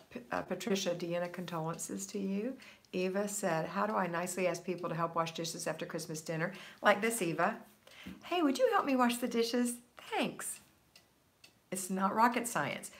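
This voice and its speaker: A woman's voice: fairly low pitch, gravelly, a bit bright. A woman hosting a casual livestream, reading viewer comments aloud and answering them in an upbeat, encouraging way. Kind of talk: casual live chat. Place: home, Florida.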